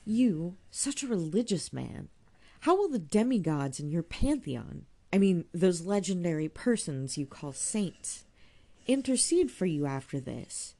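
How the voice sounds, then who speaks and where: A quick-witted young woman with an ironic, learned way of talking, as a woman reader puts her on. Her voice sits raised and lively, with a mellow, slightly gravelly texture. She speaks like someone from a storybook romance. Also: on the low side, pitched above the performer's own voice, full character voice. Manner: learned, cutting, then tearful.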